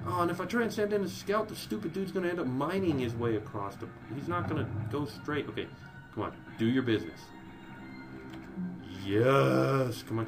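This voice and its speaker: A man giving casual gameplay commentary, talking straight to his viewers and jumping high in pitch when things go wrong. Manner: excitable, voice jumps high when panicking; talks directly to viewers. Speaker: let's play commentator.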